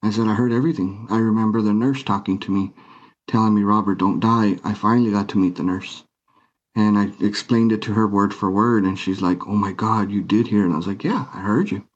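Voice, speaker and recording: Low-voiced man retelling his story. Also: steady tone, brisk. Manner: retells scenes by acting out quoted dialogue. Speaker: guest. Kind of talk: emotional personal storytelling. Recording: muffled lo-fi recording.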